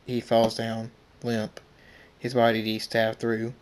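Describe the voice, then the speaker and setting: A man reading a fan story aloud in a halting way, often restarting words. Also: mid-range voice, monotone.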